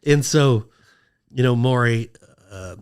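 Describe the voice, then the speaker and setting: Animated man telling a story. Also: slow pace, clean tone. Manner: animated, acts out quotes in a high excited voice. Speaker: podcast guest. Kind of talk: casual storytelling.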